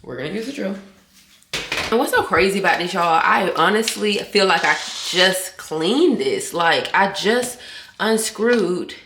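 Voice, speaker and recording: A chatty woman vlogging to her camera, blunt and quick to swear. Her voice is lowish and bright. It echoes off the room walls over a faint hiss. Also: lively intonation. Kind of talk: casual vlog chat.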